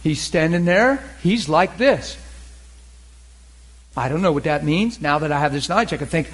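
A man preaching a storytelling sermon, talking conversationally and getting animated, with laughs and shouts at the peaks. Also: on the high side, normal speed, breathy edge, low-quality recording.

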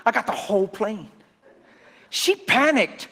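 A man preaching a sermon through folksy, animated personal stories. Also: high voice, unhurried, pauses often. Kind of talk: storytelling sermon.

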